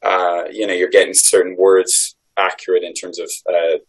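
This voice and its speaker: Low-voiced Irish man, rambling. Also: level tone, moderate pace, low-quality recording. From Ireland. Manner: reflective, rambling, many restarts. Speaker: voice actor guest. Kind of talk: conversational interview answers.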